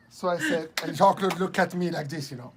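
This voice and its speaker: A man as an interview guest, telling a story with lots of laughter and halting restarts. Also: fairly high pitch, very noisy. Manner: laughs often, halting restarts, acts out quoted dialogue. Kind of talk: animated storytelling anecdote.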